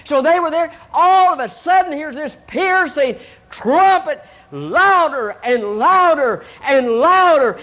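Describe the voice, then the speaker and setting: A man preaching a sermon in a folksy, plain-spoken way, swinging between loud passages and hushed ones. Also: very high-pitched, highs cut off.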